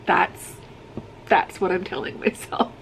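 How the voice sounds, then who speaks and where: A woman's voice: lowish voice, flat delivery, takes it slowly, gravelly, a little hiss or hum, rough recording. A woman author chatting casually in a home vlog, rambling and laughing often as she makes tea. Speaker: romance author vlogger. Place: at home, kitchen.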